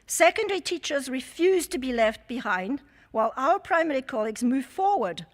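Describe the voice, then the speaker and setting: High-voiced French-accented woman in a reverberant hall. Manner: emphatic, rhetorical delivery. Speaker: conference speaker and chair. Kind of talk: conference speech. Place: large conference hall.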